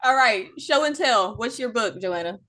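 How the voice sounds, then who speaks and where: Woman, podcast host, casual chat, playful teasing, slightly high voice. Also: animated, moderate pace, sharp tone.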